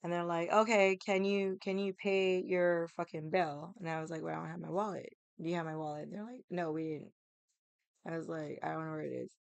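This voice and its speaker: Young woman telling a crazy story, laughs a lot, swears, does everyone's voices, smooth clear voice, dry close sound. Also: fairly low pitch, fairly quick, no echo. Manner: animated, laughing, swears often, acts out quoted voices. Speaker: vlogger. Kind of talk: casual storytelling.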